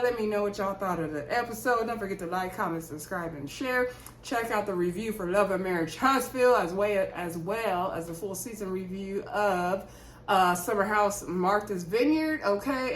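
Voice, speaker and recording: A woman's voice: medium pitch, normal speed, fairly bright tone, slight background noise. A woman giving a chatty, outspoken review of a reality TV episode on her vlog and talking straight to her viewers. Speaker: reality TV recap YouTuber. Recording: roomy echo.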